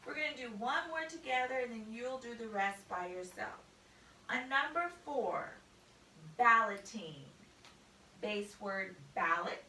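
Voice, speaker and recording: A woman teaching a spelling lesson, spelling words out letter by letter in a slow, deliberate way. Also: a little high, expressive, bright, forceful tone, a little hiss or hum. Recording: echoey room, mic at a distance.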